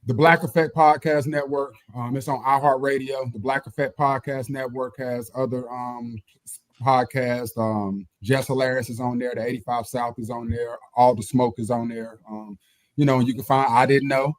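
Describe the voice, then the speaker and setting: A man guesting on a podcast, telling lively stories, swearing casually and acting out quotes loudly. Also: mid-range voice, normal speed, dry recording. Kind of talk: casual storytelling chat.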